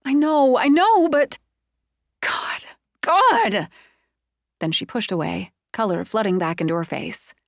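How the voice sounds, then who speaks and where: A woman narrator voicing a young woman homeowner who swings between fright and fury, breathless and shrill when upset. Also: fairly quick, vocal fry, few pauses, dry recording, studio quality. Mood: shaken angry. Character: young woman homeowner, shaken then furious.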